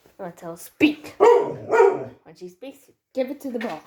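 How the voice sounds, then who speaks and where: A woman's voice: high-pitched, wildly swooping pitch, normal speed, dark tone, dull audio. A young woman casually vlogging at home, chatting to viewers and coaxing her dog in a sing-song voice. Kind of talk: casual vlog narration.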